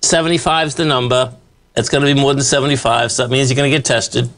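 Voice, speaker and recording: A man's voice: mid-range voice, fairly even intonation, quick pace, a bit bright. A man hosting live stock market commentary over charts, talking in a rambling, emphatic, folksy way, full of "okay" and "bottom line". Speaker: market analyst host.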